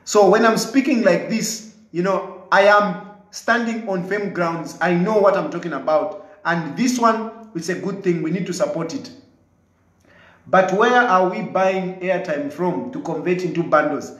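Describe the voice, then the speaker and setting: A man with a Zambian English accent argues his case hard, hammering the same points again and again. His voice sits high for a man. The sound carries a roomy echo. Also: a little slow, a bit bright. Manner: emphatic, combative, repeats his points. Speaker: commentator answering viewers' comments. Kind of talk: live commentary replying to viewer comments.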